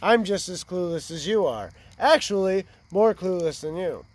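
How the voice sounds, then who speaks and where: A man's voice: sits high, animated, moderate pace, dry recording. A man in his twenties telling a rambling, profane story in casual chat by a fire. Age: 20s. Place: outdoors by a fire.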